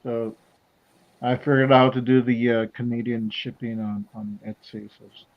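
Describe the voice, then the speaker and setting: Male host, gravelly, hesitant and rambling, dull lo-fi recording. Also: medium pitch, flat delivery, moderate pace. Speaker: podcast host. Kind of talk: casual chat while drawing.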